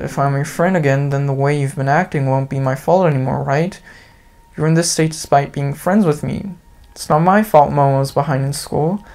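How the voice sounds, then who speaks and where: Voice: medium pitch, a little mellow, close to an everyday voice. A gamer reading out the lines of a remorseful teenage girl who confesses her love, earnest and apologetic, as visual novel dialogue.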